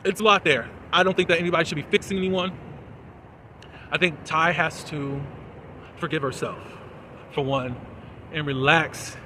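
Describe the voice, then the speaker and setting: A man giving a chatty, animated recap and commentary on a TV episode, full of fillers, recorded outdoors in a city. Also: on the high side, normal speed, pauses often, a little hiss or hum. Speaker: TV episode reviewer.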